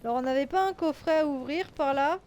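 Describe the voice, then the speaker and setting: Female streamer: high voice, joking and cursing, casual game commentary. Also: fast talker, a little mellow. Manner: jokey, swearing, thinking aloud. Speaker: let's-play streamer.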